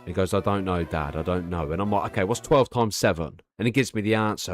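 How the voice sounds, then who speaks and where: A man's voice: deep voice, fast, few pauses, faint music behind. A young man chatting casually on a stream, rambling and swearing freely as he tells stories. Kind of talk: casual chat.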